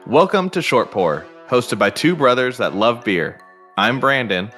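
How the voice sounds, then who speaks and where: A man's voice: mid-range voice, sing-song, a little slow. A man introducing his podcast in an upbeat scripted promo. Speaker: podcast host in an ad. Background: music.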